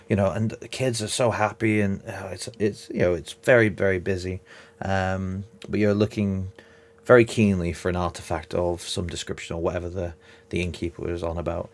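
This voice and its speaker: A man with a lowish voice narrates a tabletop game as game master. He talks in a relaxed, reassuring way, filling pauses with ums.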